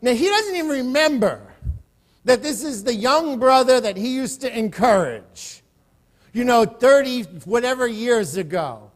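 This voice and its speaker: High-voiced male pastor preaching. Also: expressive, measured pace. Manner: storytelling, repeats words when starting sentences. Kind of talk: sermon. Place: church service.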